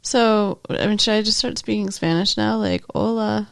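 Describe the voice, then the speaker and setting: A woman co-hosting a podcast in casual chat, wry and quick to laugh. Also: mid-range voice, vocal fry. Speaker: podcast co-host.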